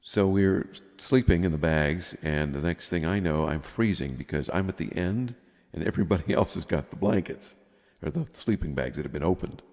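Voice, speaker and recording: Deep-voiced man in his fifties, rambling. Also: normal speed, darkish tone, long reverb tail. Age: 50s. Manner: rambling, laughs often while telling stories. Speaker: podcast co-host. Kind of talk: casual storytelling chat.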